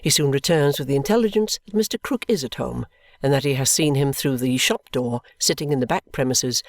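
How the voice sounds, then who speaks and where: Audiobook narrator reading an old novel, measured and even, mid pitch, dry close sound. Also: no echo. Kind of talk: scripted narration of a classic novel.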